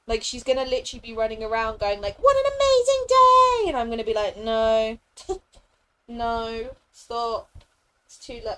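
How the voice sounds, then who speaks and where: A woman's voice: on the high side, slight background noise, rough recording. A young woman streaming a game, chatting casually with viewers, laughing often and briefly slipping into playful character voices. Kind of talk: casual live-stream chat.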